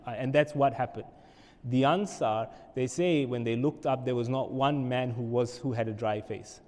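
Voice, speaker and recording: A man giving a storytelling religious lecture in a mosque, retelling events in an animated way and reading quoted speeches aloud. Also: medium pitch. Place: mosque prayer hall. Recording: very echoey hall, speaker far from mic, audible noise.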